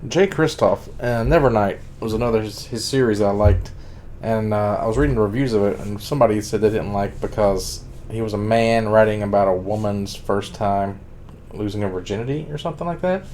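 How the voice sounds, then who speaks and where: A man's voice: fairly low pitch, a little fast, darkish tone, slight background noise. A man streaming a casual, rambling monologue about books, full of "like" and blunt profane asides.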